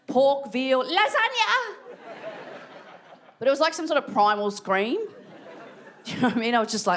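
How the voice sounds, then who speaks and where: This stand-up comedian, a woman with an Australian accent, tells stories and shrieks out acted quotes on a big theatre stage. Her voice sits high and swings widely in pitch, with a slightly bright tone, normal speed, and frequent pauses. Audience laughter and some chatter add slight background noise.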